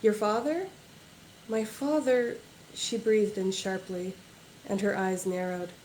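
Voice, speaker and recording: A woman's voice: mid-range voice, steady tone, slow pace, a little mellow, slight background noise, low-quality recording. A woman author reading aloud from her own novel at a livestreamed book launch, in a plain reading voice without character voices or accents.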